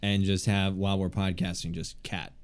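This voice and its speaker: A man's voice: sits low, little pitch movement, moderate pace, smooth. A young man with a nasal voice, co-hosting a podcast in casual, rambling chat full of fillers and restarts. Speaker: podcast co-host.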